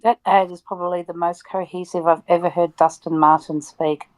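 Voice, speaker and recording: A woman chatting casually on a sports watch-along, knowing and gently teasing. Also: lowish voice, little pitch movement, normal speed.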